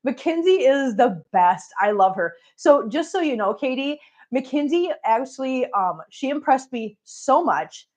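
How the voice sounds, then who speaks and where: Middle-aged woman, casual livestream host at home; chatty, friendly greetings, slightly high pitch. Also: lively intonation, measured pace. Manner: chatty, greets viewers warmly by name. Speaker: cat channel host.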